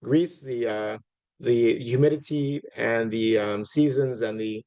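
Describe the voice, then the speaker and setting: A man's voice: medium pitch, slow, dark tone. A middle-aged man lecturing an audience in a chatty way, with many fillers and restarts and asides to his listeners. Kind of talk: informal lecture.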